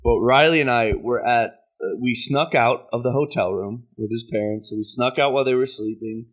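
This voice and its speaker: A young podcast host with a mid-range voice tells a story briskly in casual chat, laughing at himself along the way.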